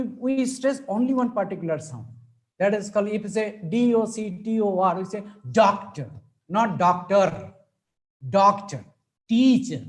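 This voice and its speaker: A man with an Indian English accent delivers an online lecture to teachers. He works through each point methodically and pauses often to check that his audience is keeping up. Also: high voice, mellow, low-quality recording. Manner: explanatory, checks in often with "all right?". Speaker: teacher trainer. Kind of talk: webinar lecture.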